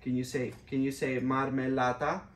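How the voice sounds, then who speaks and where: A man's voice: mid-range voice, flat delivery, moderate pace, roomy sound, background noise. A father playfully teaching his young children simple words, patiently repeating each one. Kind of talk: playful kids' vocabulary lesson.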